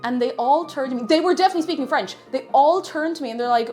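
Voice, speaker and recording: A woman's voice: high voice, fast, a little mellow, faint music behind. A woman telling self-mocking anecdotes in a casual live stream, with many fillers.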